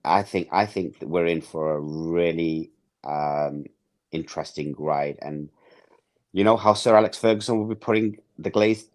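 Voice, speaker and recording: A man's voice: deep voice, moderate pace, a little mellow. A man hosting a casual football podcast, talking emphatically and swearing, acting out what others would say. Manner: emphatic, swears, acts out quoted speech. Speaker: podcast host.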